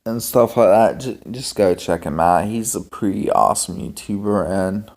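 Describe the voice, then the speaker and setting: A young man vlogging in a casual, rambling monologue, halting with many ums and restarts. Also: fairly low pitch, gravelly, a little mellow. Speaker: homestead vlogger.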